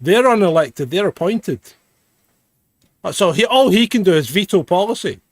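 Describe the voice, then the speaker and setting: Brief: male host, fairly high voice, blunt and opinionated, dry close mic. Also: sing-song, normal speed, dry recording. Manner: blunt, plain-spoken, swears. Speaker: podcast host. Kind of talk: casual chat.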